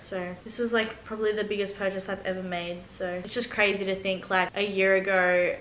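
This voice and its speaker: A woman's voice: mid-range voice, little pitch movement, normal speed, few pauses, fairly bright tone, slight background noise. Gushing young Australian woman, echoey room. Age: 20s. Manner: gushing, chatty, heavy use of "like". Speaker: fitness vlogger. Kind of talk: casual vlog chat.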